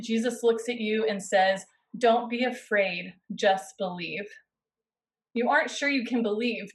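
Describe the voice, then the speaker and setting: A woman pastor preaching a sermon, guiding her listeners through a scene in the second person with slow, dramatic pauses. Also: mid-range voice, poor audio. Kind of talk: sermon with guided imaginative narration.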